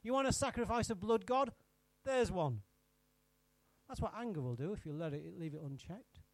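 Preacher man, high voice, animated, dry close sound, quizzes the congregation. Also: moderate pace, dry recording. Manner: teasing the congregation by name, asking questions. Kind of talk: interactive sermon.

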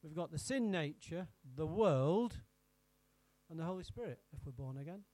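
A man's voice: on the high side, expressive, moderate pace, a little mellow, dry recording. A man preaching an interactive sermon, teasing his congregation by name and firing questions at them.

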